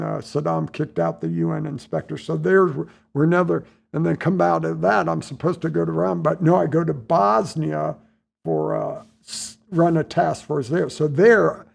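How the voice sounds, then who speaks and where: A man in his sixties from the United States, telling stories in a relaxed interview, acting out what people said. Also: on the high side, gravelly, breathy edge. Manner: relaxed anecdotal storytelling, acts out dialogue. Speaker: podcast guest, retired Navy admiral. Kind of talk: casual storytelling interview.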